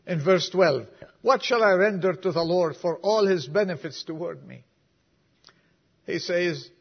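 A man preaching in a slow, unhurried sermon with a gravelly, husky edge to his fairly high voice. He drops to near whispers on quiet lines and climbs to urgent appeals. The recording is dull and lo-fi. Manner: reads poem softly, sinking to a whisper, then preaches with rising fervor.

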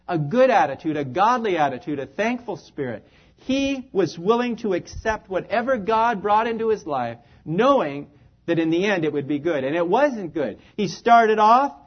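Earnest high-voiced male preacher. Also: slightly rough, highs cut off. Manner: earnest, emphatic, with falling phrase endings. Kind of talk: sermon.

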